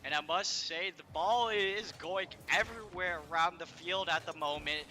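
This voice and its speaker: A young man calls esports play-by-play in a high, very bright voice, rattling off player names as the action moves. A faint hiss of background noise sits under his commentary. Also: moderate pace. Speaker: esports caster.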